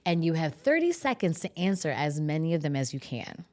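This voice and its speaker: A woman's voice: deep voice, very animated, a little fast, darkish tone. A woman hosting a business podcast, bubbly and playful in a casual interview. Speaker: podcast host.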